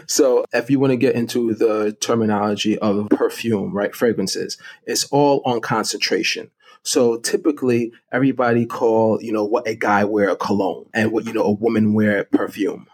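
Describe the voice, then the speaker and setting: A middle-aged man with a somewhat low voice, talking as an interview guest. He walks through each point step by step in a chatty, lively way and sounds comfortable in the conversation. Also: moderate pace. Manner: explains step by step, chatty and animated. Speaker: guest fragrance expert. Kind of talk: casual interview talk.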